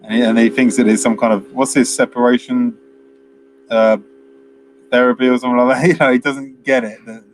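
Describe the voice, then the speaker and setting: A man's voice: mid-range voice, little pitch movement, brisk, background noise. Chatty man retelling a film. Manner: rambling retelling with quoted lines and frequent laughs. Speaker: podcast co-host. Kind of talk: casual film review chat.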